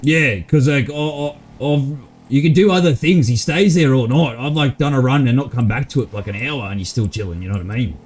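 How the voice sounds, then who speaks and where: Aussie guy in mid pitch streaming a game rp, loose and sweary, faint hiss behind. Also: brisk, hardly any pauses. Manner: laid-back, slangy, swears a lot, laughs easily. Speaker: streamer and roleplayer. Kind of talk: casual in-game roleplay chat.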